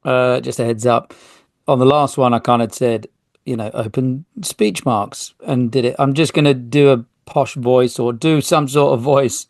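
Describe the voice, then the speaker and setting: A man's voice: medium pitch, fairly even intonation, normal speed, dry recording, clean studio sound. A man hosting a solo podcast, talking casually and reading an article aloud with small slips. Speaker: podcast host.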